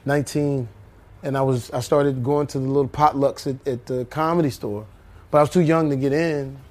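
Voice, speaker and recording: A man in his fifties, a comedian guest, telling animated stories and slipping into impressions. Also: mid-range voice, moderate pace. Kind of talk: storytelling in a talk-show interview.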